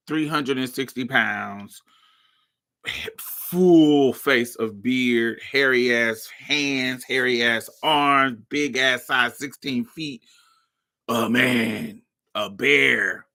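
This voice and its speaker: A woman from Indiana hosting her show, telling a personal story in a storytime monologue, acting out the people in it and laughing often. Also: very deep voice. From Indiana, USA. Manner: animated, acts out every voice in the story. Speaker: podcast host.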